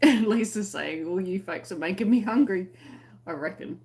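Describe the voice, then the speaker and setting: A woman's voice: mid-range voice, animated, normal speed, darkish tone. Chatty Australian woman on a live stream. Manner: chatty, friendly, laughs often. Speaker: crochet channel host. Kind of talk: casual live-stream chat reading viewer comments.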